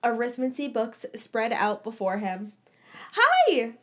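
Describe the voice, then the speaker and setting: Woman narrator, high and slow, casual story reading with stumbles. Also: darkish tone. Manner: stumbling, rereading phrases. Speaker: story reader. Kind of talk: reading fan fiction aloud.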